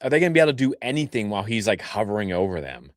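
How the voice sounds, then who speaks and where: A man's voice: lowish voice, expressive, racing, dry recording, clean studio sound. A man co-hosting a fan podcast, joking and rambling as he sets up questions. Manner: joking, rambling, self-mocking. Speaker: podcast co-host. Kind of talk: casual chat.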